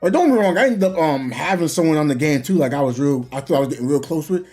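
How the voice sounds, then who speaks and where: A man's voice: on the high side, animated, quick pace, darkish tone, soft background music. A young man, chatting casually and animatedly about online gaming, laughing often and using slang. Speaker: gaming streamer. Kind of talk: casual chat.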